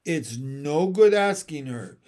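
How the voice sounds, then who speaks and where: A man's voice: fairly high pitch, animated, slow pace, mellow. A man reading a storybook aloud, voicing a sensible older girl who talks practically and coaxes her brother along. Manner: practical, coaxing.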